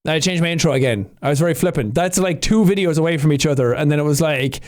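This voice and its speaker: An Irish man reacting to his own old gaming videos in casual commentary, animated with loud playful outbursts. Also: on the high side, fast talker, few pauses.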